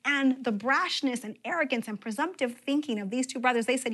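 A woman pastor preaching a sermon, with expressive emphasis and sudden drops to a near-whisper. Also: sits high, brisk, few pauses.

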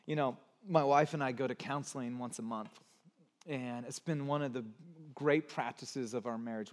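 A pastor in his forties preaching a sermon, moving from hushed, soft passages to loud, emphatic ones. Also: a little high. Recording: long hall reverb.

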